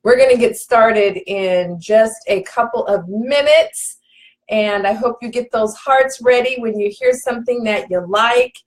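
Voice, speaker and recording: A woman with a high voice hosts a livestream and talks in a slow, unhurried way. She is effusive and welcoming, greets her viewers one by one and repeats her words warmly. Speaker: host of a live online broadcast. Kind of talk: live-stream talk to viewers.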